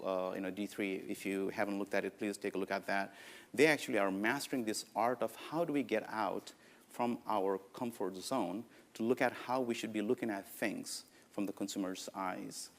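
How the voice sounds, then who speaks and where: A Nepali man in his forties, speaking with a Nepali accent, delivers a conference keynote. His voice sits on the low side, and he tells it through lively anecdotes peppered with "uh, you know" fillers.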